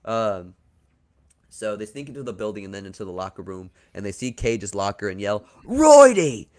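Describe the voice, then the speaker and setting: A man's voice: lowish voice, steady tone, brisk. A man hosting a podcast, casually walking through a storyline he has written, joking and crude at times. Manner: laid-back, joking, crude. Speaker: podcast host pitching a wrestling storyline.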